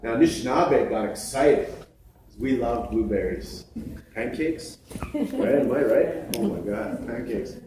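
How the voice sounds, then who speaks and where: A man acting as emcee and storyteller, telling a traditional story on a large theatre stage in a measured, animated way with playful asides. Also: mid-range voice, noisy background. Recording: echoey theatre from far off.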